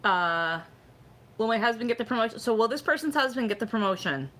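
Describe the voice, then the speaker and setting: A woman's voice: on the high side, lively intonation, a little fast, fairly bright tone. A middle-aged woman chatting casually on a live stream, rambling with lots of "like" and "you know" as she gives fortune readings.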